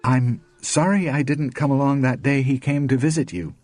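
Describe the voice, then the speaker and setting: A man voicing an anxious, polite young woman in an audiobook reading, earnest and halting. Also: mid-range voice, fairly even intonation, a little mellow, no room sound, voice pushed up, natural voice.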